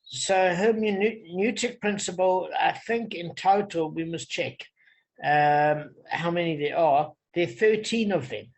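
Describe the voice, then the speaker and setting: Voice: medium pitch, a little slow, low-quality recording. A person leading a casual study session, explaining step by step with many fillers. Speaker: study leader. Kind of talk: casual teaching.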